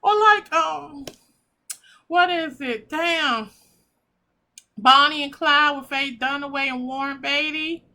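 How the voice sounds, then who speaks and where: High-pitched woman reading tarot, slow and gushy, gets all emotional, cusses casually. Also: sharp tone. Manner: emotional, gushing, casual with swearing. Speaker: tarot reader. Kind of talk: pick-a-pile tarot reading.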